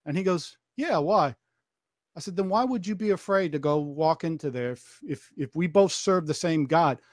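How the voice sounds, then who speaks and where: A man's voice: fairly high pitch, moderate pace, a little mellow, no echo, studio quality. An American man telling a story on a podcast, acting out the dialogue as he retells it, with frequent restarts and repeated phrases.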